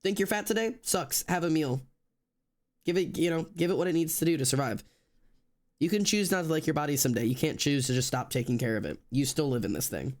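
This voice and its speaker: Laid-back young man with a higher voice. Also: animated, quick pace. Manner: rambling, loose, many fillers and restarts. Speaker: streamer drawing live. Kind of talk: casual chat with stream viewers. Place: indoors at home.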